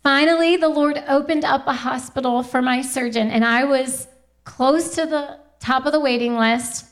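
A young woman giving a Christian testimony talk, earnest and quick to laugh, often quoting scripture. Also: sits high, steady tone.

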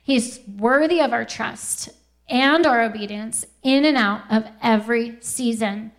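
A woman's voice: on the high side, measured pace. Earnest young woman giving a testimony. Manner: earnest, quotes scripture, laughs easily. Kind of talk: Christian testimony talk.

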